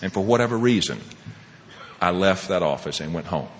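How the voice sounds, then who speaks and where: A man sharing his personal recovery story as a speaker at a meeting, animated and laughing often, swinging between loud and hushed. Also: low-pitched, moderate pace, long reverb tail, slight background noise.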